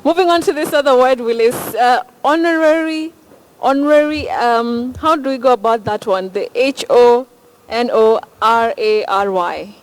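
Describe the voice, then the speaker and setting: A woman presenter, briskly putting word questions to a guest and spelling words out. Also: a little high, rough recording. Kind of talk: on-air interview segment.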